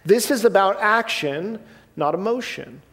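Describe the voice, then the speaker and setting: High-voiced man preaching in a reverberant hall. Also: expressive, unhurried, fairly bright tone. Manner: conversational, asks the room "right?" and "okay?". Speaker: pastor. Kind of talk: sermon.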